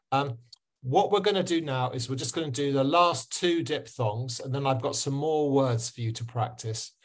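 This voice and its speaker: A man teaching pronunciation in an online webinar, encouraging and repeating sounds slowly for learners. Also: medium pitch. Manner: encouraging, drills words slowly and repeats them. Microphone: video call.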